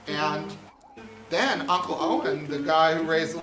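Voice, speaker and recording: A man, a comedian guest, retelling a movie plot in an animated, rambling way with deadpan asides, in an echoey room. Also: on the high side, takes it slowly, distant mic, over music.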